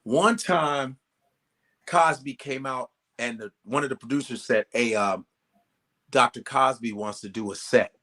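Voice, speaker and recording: A male comedian, a guest in a casual interview, tells stories in an animated, profane style and acts out the voices he quotes. He speaks unhurriedly in a mid-range voice.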